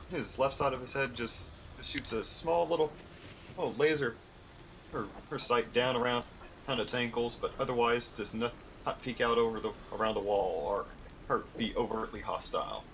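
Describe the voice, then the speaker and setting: A man playing in a tabletop game, describing his character's actions haltingly with many repeated words. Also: mid-range voice, fairly bright tone, slight background noise, rough recording. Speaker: player.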